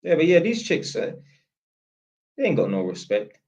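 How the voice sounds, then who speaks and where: With huge pitch swings and a slightly high, somewhat mellow voice, a young North London man tells a story to camera at a moderate pace. He rants to his viewers in blunt, opinionated slang, and the recording is muffled.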